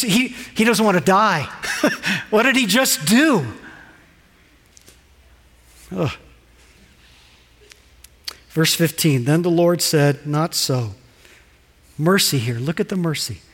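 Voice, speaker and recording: Male pastor, high voice, animated sermon, lingering hall reverb. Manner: animated preaching, rhetorical questions, dramatized quotes.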